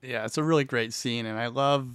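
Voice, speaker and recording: A man's voice: mid-range voice, fairly quick, fairly bright tone, clear, resonant tone, no room sound, studio quality. A man co-hosting a podcast, talking in an easygoing way about a TV episode. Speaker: podcast co-host. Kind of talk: casual TV recap chat.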